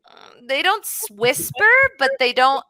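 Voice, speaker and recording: Woman English tutor on a video call: bright, slightly high voice, patient, explains through examples, lots of "like". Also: lively intonation, measured pace, dry recording, rough recording. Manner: patient, explains with many examples and fillers like "like" and "mm-hmm". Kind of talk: online one-to-one English lesson.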